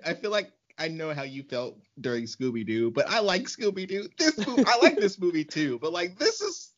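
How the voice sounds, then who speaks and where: Guy cohosting a podcast, laughs a lot, voice bouncing all over, kinda higher, muffled lo-fi sound. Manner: laughs often, animated and exasperated. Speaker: podcast co-host. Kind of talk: casual chat.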